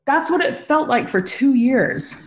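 Woman podcast guest, higher voice, animated, laughing, salty storyteller, video-call audio. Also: a little slow. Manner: animated, laughing, swears freely. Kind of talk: emotional storytelling chat.

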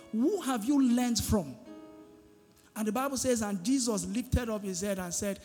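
High-voiced pastor preaching in a hall. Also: male voice, measured pace, a little mellow. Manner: call-and-response preaching, asking the congregation "what?". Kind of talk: sermon. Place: church hall. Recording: reverberant hall with music behind.

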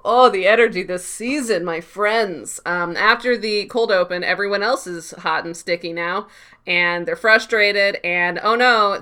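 A woman co-hosting a podcast recaps a TV episode, chatting casually, laughing and doing playful quoted voices. Her voice sits on the low side and sounds pushed and bright.

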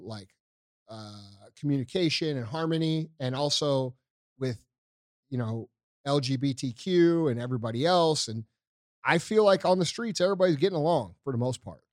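A man co-hosting a podcast, talking politics in a blunt, profane, animated way. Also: medium pitch, normal speed, dry recording, studio quality. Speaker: podcast co-host. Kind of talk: casual political chat.

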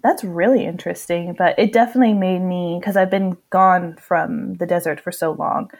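A woman's voice: fairly low pitch, fairly even intonation, moderate pace, vocal fry, a little mellow. A young woman from New Mexico co-hosting a podcast in casual chat, talking loosely with lots of fillers and laughter. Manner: chatty, laughs often, many fillers. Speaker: podcast co-host.

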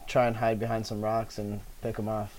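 A man's voice: on the low side, monotone, a little fast, a little mellow, a little hiss or hum. Chatty man at a game table. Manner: questioning, chatty, laughs easily. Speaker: player. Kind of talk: casual chat at a game table.

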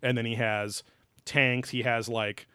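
A young man with a mid-pitched voice talks loosely and sarcastically, swearing freely as he rambles through a show recap. The sound is close and dry, with no room echo. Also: little pitch movement, measured pace, pushed and bright, clear, resonant tone. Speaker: podcast co-host. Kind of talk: casual profane chat reviewing a TV episode.

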